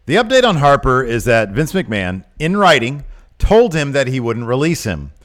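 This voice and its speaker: A man's voice: medium pitch, moderate pace. A man co-hosting a casual wrestling podcast, getting worked up and exasperated as he talks. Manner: animated, gets worked up and exasperated. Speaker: podcast co-host.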